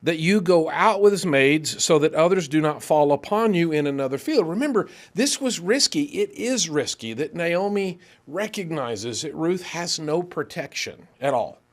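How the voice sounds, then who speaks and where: A man preaching in a church, teaching a Bible class and reading scripture aloud, animated and speeding up when excited. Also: fairly high pitch, normal speed, few pauses.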